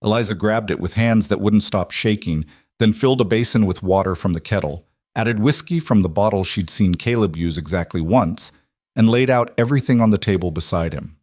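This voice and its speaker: Low-voiced man narrating a western story. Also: a little fast, a little mellow, dry recording, studio quality.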